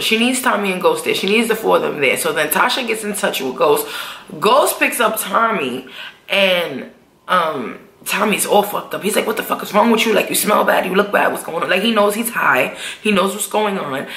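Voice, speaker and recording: Sharp-voiced woman with gravelly fry. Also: mid-range voice. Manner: slangy, profane, acts out characters' lines. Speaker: TV episode reviewer. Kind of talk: casual recap vlog. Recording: echoey room.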